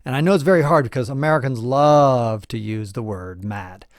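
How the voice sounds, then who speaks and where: In a mid-range voice at normal speed, a middle-aged podcast host explains his points casually and with emphasis. He throws questions to his listeners and chuckles now and again, and the studio-quality recording has no echo.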